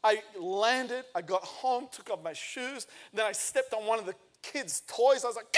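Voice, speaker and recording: A man in his thirties preaching a sermon, telling a lively personal story and acting out the quoted lines. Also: high voice, unhurried, hardly any pauses. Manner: energetic storytelling, acts out quotes. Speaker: pastor.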